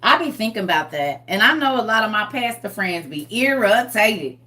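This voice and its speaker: A woman's voice: medium pitch, sing-song, normal speed, bright, forceful tone. A woman hosting a live group chat, talking casually in a playful, teasing way and laughing often. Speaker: host of a live reading group.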